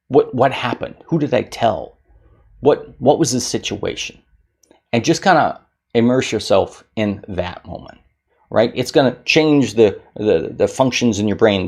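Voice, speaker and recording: A man who works as a keynote speaker and magician, giving an energetic motivational talk to camera and acting out moods in little put-on voices. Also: mid-range voice, vocal fry.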